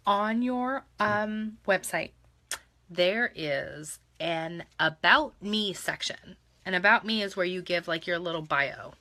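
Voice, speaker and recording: Young woman at home, casual instructive delivery, lots of ums, bright tone. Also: on the low side, takes it slowly, no room sound. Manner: hushed soothing of a child. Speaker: direct-sales team leader. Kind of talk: live video training.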